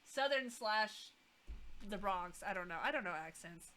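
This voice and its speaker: A woman's voice: medium pitch, animated, measured pace, bright, forceful tone. A woman in her thirties casually commenting while streaming a game, with wry, chatty asides.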